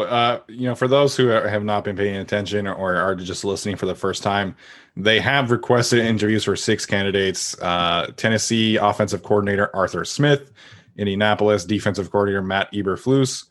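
A man's voice: fairly low pitch, steady tone, moderate pace, fairly bright tone. A man hosting a casual sports podcast, talking in a chatty way and laughing between points.

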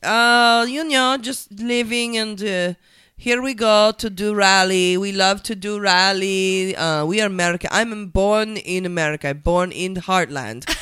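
Slow and halting, a woman doing a Russian-accented troll who poses as a proud American. The English is broken and the tone is bright. The speech is earnest and loud. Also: mid-range voice, clear, resonant tone, no room sound, clean studio sound, lightly acted. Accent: Russian, put on.

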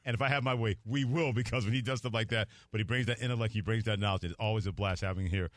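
A man hosting a sports radio show, quickly chiming in with short agreements and thanks to his guest. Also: lowish voice, fairly even intonation, dry recording. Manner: affirming, quick to chime in.

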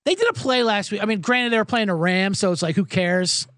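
A man's voice: high-pitched, fairly quick, a bit bright, no room sound, studio quality. A man hosting a sports betting podcast alone in a small booth, talking in a rambling, profane, self-mocking way. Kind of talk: casual sports betting talk on a live podcast. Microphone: studio microphone.

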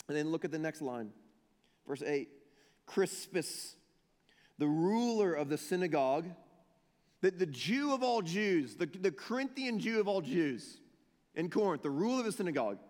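A male pastor with a somewhat high voice delivers a sermon, lurching from shouted lines down to hushed, intimate ones. He acts out the people he quotes. His voice rings with the long reverb of a large hall.

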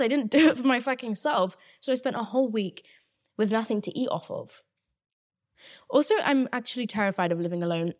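Chatty young woman, swearing freely. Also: on the high side. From England. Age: 20s. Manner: chatty and animated, swears freely, many "like" fillers. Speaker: podcast host. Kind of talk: casual solo chat. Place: her new flat, indoors.

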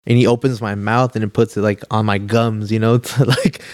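A man's voice: lowish voice, fairly even intonation, a little fast, darkish tone, no echo, studio quality. A young man, a podcast guest telling a long story in a laid-back, slangy way, full of "like" and "dude". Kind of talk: casual storytelling chat.

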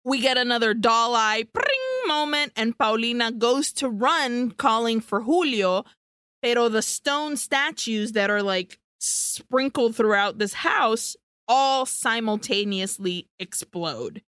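A woman's voice: a little high, slow pace, fairly bright tone, clear, resonant tone, no echo, clean studio sound. A woman co-hosting a podcast, casually recapping a film scene by scene and swearing freely. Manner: swears freely, breezy storytelling. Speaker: podcast co-host.

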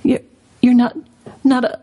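A woman's voice: mid-range voice, normal speed, darkish tone, husky. A woman reading aloud, voicing a frightened older girl in a storybook who speaks in a shaky, urgent way.

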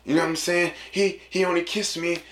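A man talking casually to listeners in an animated, slangy way, acting out quotes in a lower voice. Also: fairly quick, roomy sound, a little hiss or hum.

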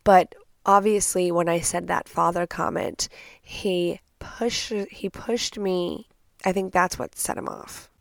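A young woman hosting a podcast, telling a dramatic story in casual, profane, animated speech on a close mic. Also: lowish voice, slow pace, creaky, no room sound. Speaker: podcast host.

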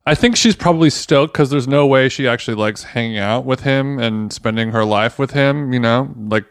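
A man's voice: mid-range voice, normal speed, smooth, dry recording, clean studio sound. A man co-hosting a podcast, joking in a laid-back casual chat and laughing often. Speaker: podcast co-host.

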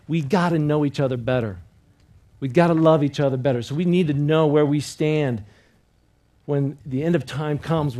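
A pastor with a voice on the high side preaches a sermon earnestly, repeating key phrases as he leads the congregation in call-and-response. He swings between loud, emphatic lines and quiet personal appeals.

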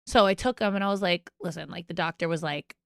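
A woman in her thirties co-hosting a casual podcast, talking in a relaxed, matter-of-fact way and swearing casually. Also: fairly low pitch, fast talker, vocal fry, no echo, clean studio sound. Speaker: podcast co-host. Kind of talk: casual chat.

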